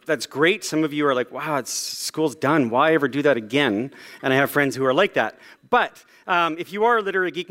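A pastor preaching in a relaxed, conversational way, self-deprecating and full of fillers. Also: male voice, fairly high pitch. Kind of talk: sermon.

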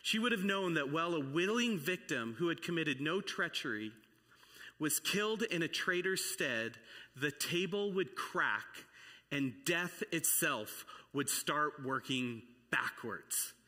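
Guy reading out a grave old lion king, slow and low, big echoey hall, bright edge to the voice. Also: animated, exaggerated voice. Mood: solemn. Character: majestic male lion king, calm and solemn. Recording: long reverb of a large hall.

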